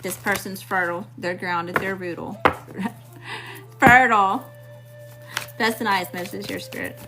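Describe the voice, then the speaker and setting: A woman's voice: medium pitch, fairly even intonation, slow, loud music behind the voice. A woman from Mississippi with a Southern accent giving a casual tarot reading to her viewers, talking in a sassy, blunt and profane way. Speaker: tarot reader.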